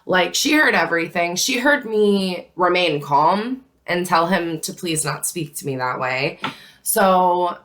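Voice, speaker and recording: A young woman chats through a storytime vlog at an unhurried, drawn-out pace. Her voice sits a little low for a woman, and she keeps scattering "like" through her sentences. It sounds easy and conversational. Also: expressive, a bit bright, slight background noise. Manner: chatty, frequent "like" fillers, unhurried. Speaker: vlogger telling a work story.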